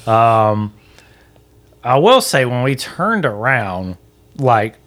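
A man's voice: medium pitch, very animated, extremely slow, fairly bright tone. A man in his thirties co-hosting a podcast, telling a story in a dry, sarcastic way. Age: 30s. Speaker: podcast co-host. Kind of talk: casual chat.

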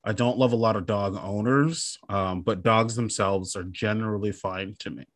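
A man's voice: lowish voice, normal speed. A man chatting casually on a podcast, rambling and self-deprecating as he tells a comic story. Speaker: podcast co-host. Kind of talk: casual comedic chat.

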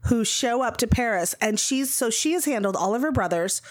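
A woman co-hosting a podcast in casual chat, wry and teasing, quick to laugh. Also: fairly high pitch, expressive. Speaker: podcast co-host.

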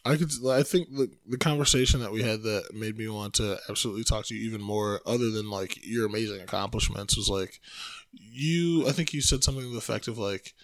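A man's voice: lowish voice, brisk, no room sound. A man hosting a podcast in casual chat, joking and swearing freely. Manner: profane, joking, animated. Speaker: podcast host.

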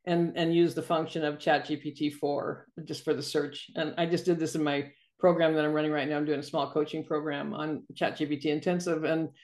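A woman's voice: deep voice, level tone, brisk, hardly any pauses, a little mellow. A woman guest, a copywriting coach, talking casually on a video call and laughing between phrases.

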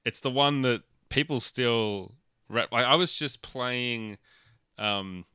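A man co-hosting a casual podcast chat, relaxed and steering the conversation. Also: mid-range voice, takes it slowly, clean tone, no echo, studio quality. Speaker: podcast co-host.

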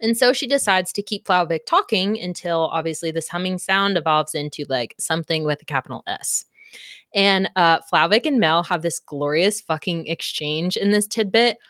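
A woman's voice: fairly low pitch, expressive, moderate pace, fairly bright tone, no echo, clean studio sound. A woman co-hosting a book club podcast, recapping a novel in casual chat, laughing often and swearing freely.

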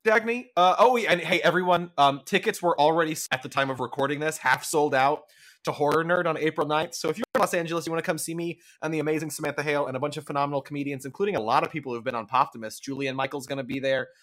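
A man's voice: fairly high pitch, fast, fairly bright tone. Chatty, blunt podcast host man. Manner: chatty, blunt, swears casually. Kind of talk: casual chat.

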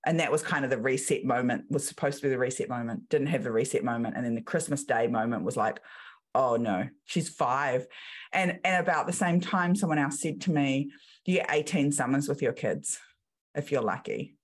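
A woman's voice: rumbling low, fairly quick, breathy edge. A woman in her thirties with a New Zealand accent, a business coach telling stories in a podcast interview and acting out the voices of the people she quotes. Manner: lively storytelling, acts out quoted voices.

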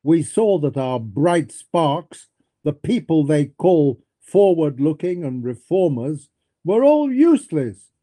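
A blunt, dismissive young nihilist, read by a man in a dramatic reading of a novel. The voice is very dark and mellow and sits a bit high for a man. The lines come slowly, curt and scornful. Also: sing-song, exaggerated voice.

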